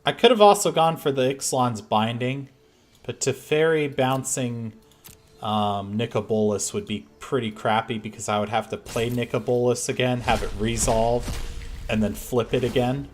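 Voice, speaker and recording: A man thinking aloud as he plays a card game, reacting strongly to each turn, from quiet muttering to loud frustration. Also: mid-range voice, moderate pace. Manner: reactive, swings between muttering and frustrated outbursts. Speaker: gameplay commentator.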